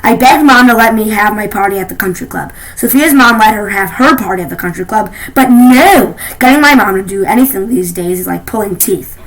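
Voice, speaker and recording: A woman's voice: mid-range voice, animated, fairly quick, fairly bright tone, low-quality recording. A woman voicing a spoiled, snobbish teenage girl in a storybook reading, complaining melodramatically. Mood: whiny.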